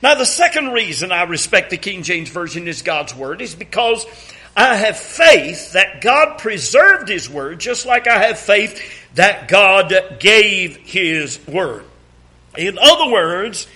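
A man's voice: high-pitched, sing-song, slow, pushed and bright. A man preaching a sermon, reading scripture aloud and asking the congregation to read along, with emphatic rhetorical questions.

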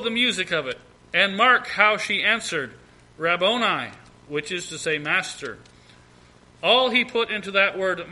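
A man's voice: high voice, sharp tone, rough recording. A man preaching a Bible teaching sermon, reading scripture aloud and commenting on it with frequent restarts and repeated words.

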